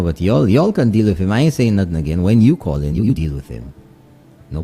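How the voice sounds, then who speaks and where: Deep-voiced Saint Lucian radio host. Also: male voice. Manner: switches between English and Kweyol, animated greetings. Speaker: radio morning show host. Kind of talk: casual radio chat and shout-outs.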